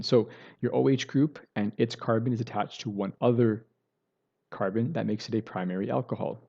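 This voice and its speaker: Male chemistry teacher, lowish voice, recorded lecture with a muffled computer mic; talks through steps, checks in with the class. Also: gravelly, warm tone. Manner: explains step by step, self-correcting, many "right?" and "okay" checks.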